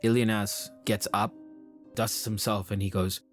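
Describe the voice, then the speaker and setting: A man narrating a tabletop game as game master in a relaxed, conversational way. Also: lowish voice, a little slow, soft background music.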